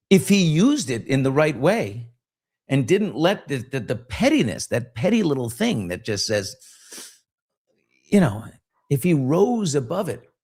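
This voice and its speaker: A man's voice: fairly high pitch, vocal fry, a little mellow. An older man, hosting a podcast in loose, conversational commentary, reading comments aloud and often trailing off and restarting. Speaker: podcast host. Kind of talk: casual commentary. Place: studio.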